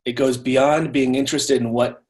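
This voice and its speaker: A man's voice: medium pitch, fairly even intonation, normal speed, darkish tone. Man teaching over a video call. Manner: conversational, repeats words when restarting. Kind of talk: live online training talk.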